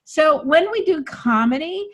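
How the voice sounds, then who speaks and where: Comedy coach: a high-pitched woman, brisk and emphatic, punching lines with attitude. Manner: energetic and emphatic, bursts into loud acted-out lines. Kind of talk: coaching session with feedback on jokes.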